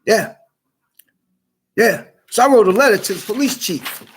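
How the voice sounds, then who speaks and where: A man's voice: high-pitched, expressive, unhurried, slight background noise. A man in an angry, heated rant to camera, swearing a lot and repeating himself. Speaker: vlogger.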